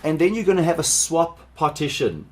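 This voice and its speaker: A man's voice: fairly high pitch, lively intonation, moderate pace. A middle-aged man from South Africa leading a live cybersecurity workshop, chatting loosely with viewers and wandering into asides as he teaches. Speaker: cybersecurity instructor.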